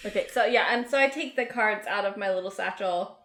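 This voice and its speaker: A woman's voice: medium pitch, brisk, fairly bright tone. A woman playing a tabletop game, chatty and giggly, full of likes and ums. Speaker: player. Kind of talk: casual tabletop play. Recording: roomy echo.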